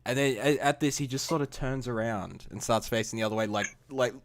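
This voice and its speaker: A man's voice: medium pitch, fairly quick, dry recording. A man playing a tabletop game, chatty and loose, often laughing. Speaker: player. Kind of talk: casual tabletop role-play.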